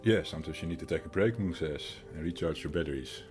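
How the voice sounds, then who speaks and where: A man's voice: very deep voice, fast, over music. A man in his thirties with a Dutch accent, chatting casually with his stream chat, rambling with fillers as he answers them. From Netherlands.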